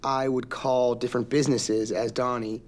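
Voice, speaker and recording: A man, an actor as an interview guest, telling stories in a relaxed way with frequent ums. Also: medium pitch, moderate pace. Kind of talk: interview anecdotes.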